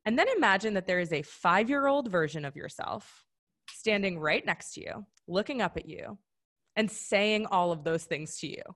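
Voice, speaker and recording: A woman's voice: mid-range voice, lively intonation, normal speed. Encouraging woman leading an online workshop. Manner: warm, encouraging, conversational with many "right?" tags. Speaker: workshop facilitator. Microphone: video call.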